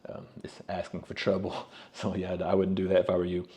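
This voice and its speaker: A man's voice: low-pitched, completely flat delivery, fairly quick, dark tone. A man in his forties from Kentucky with a faint Southern accent, answering viewer questions in a blunt, casual vlog. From Kentucky, USA. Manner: blunt, plain-spoken, laughs things off.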